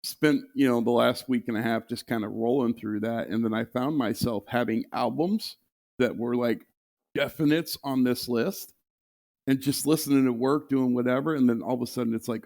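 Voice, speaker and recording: Gravelly man with halting, repeated starts. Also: medium pitch, fairly even intonation, darkish tone. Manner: hesitant, repeating words, laughing easily. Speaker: podcast guest. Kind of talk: casual chat.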